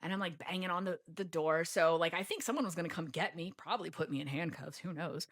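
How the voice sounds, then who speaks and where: A woman's voice: fairly low pitch, fast, a bit bright. An American woman guesting on a podcast, telling a travel story in a chatty way, full of "like", and acting out her own past lines dramatically. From United States. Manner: chatty, peppers speech with "like".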